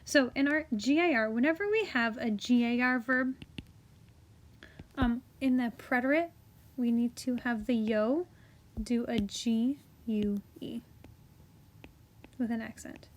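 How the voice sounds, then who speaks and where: A young woman teacher walks her class through a grammar chart, chatty and encouraging. Her voice sits a little high, and she talks at an unhurried pace, often trailing into soft whispered asides while she writes. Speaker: Spanish teacher. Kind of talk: classroom video lesson.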